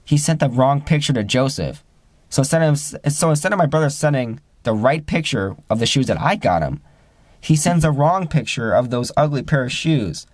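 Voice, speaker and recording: A young man with a mid-range voice tells a personal story in a rambling, casual way, full of fillers and restarts. He raises his pitch when he acts out the friends he quotes. The sound is dry and close, with no room echo. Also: animated, moderate pace.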